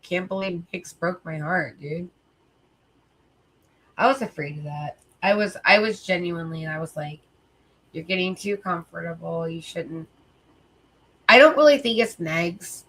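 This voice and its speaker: A woman's voice: on the low side, animated, moderate pace, fairly bright tone. A tired woman hosting a livestream, chatting casually with viewers in a rambling way, full of fillers and swearing. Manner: rambling, filler-heavy, profane. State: sleepy, tired. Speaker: livestream host.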